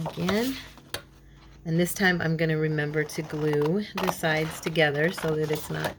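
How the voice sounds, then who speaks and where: Chatty craft lady w/ a frog in her throat, lowish gravelly voice, talking to herself at her craft table. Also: noisy background. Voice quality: chatty, talks to herself while working. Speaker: craft channel host. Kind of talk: casual crafting tutorial chat.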